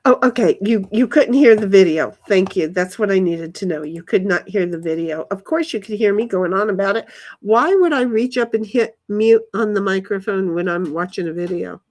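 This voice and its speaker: A woman's voice: medium pitch, moderate pace, a little mellow. A woman live streaming from her backyard, rambling casually to herself and her chat and swearing now and then. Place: backyard, outdoors.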